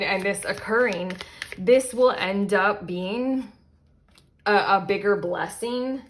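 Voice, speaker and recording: A woman's voice: mid-range voice, a bit bright. A woman giving a casual pick-a-card tarot reading to her viewers, rambling with fillers and stopping to correct herself. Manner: rambling, self-interrupting, frequent fillers and asides. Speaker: tarot reader.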